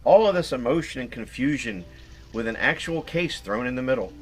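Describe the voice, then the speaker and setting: A man's voice: mid-range voice, expressive, fairly quick, rough recording. A man narrating a fan documentary in a scripted but chatty way.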